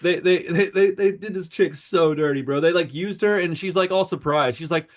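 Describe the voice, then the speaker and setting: A man co-hosting a podcast, telling a story in a rambling, animated way, peppered with swearing and "bro" and "dude.". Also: fairly high pitch, normal speed. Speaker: podcast co-host. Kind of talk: casual chat.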